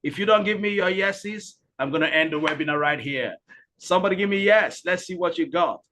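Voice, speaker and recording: A man hosting a live webinar, energetic and repetitive, urging the audience to type into the comments. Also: high voice, a little fast. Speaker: webinar host and speaker.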